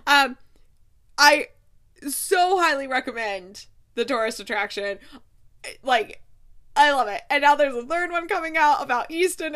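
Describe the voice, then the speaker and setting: A woman book vlogger recapping a romance novel in casual chat, chatty and excitable, acting out quotes and laughing often. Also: high-pitched.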